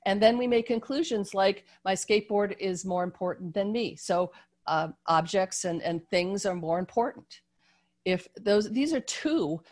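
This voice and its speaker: A woman leads a group video call, teaching through a slowly unfolding story. Her delivery is gentle and unpolished, full of ums and restarts, and she sounds like she is talking into a video-call microphone. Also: mid-range voice. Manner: gentle, with frequent fillers and restarts.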